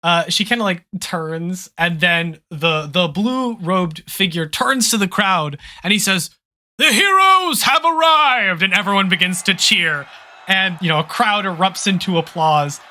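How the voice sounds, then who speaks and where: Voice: mid-range voice, unhurried, sharp tone. A game master narrating a tabletop game with loose, filler-heavy descriptions.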